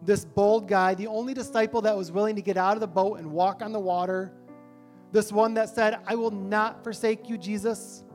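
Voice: mid-range voice, fairly even intonation, fairly quick, darkish tone, faint music behind. A pastor preaching a sermon in a church, talking conversationally and asking rhetorical questions.

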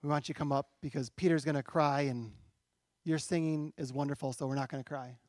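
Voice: mid-range voice, fairly even intonation, brisk, a little mellow, no room sound, clean studio sound. A pastor preaching a sermon in a church, talking conversationally and asking rhetorical questions.

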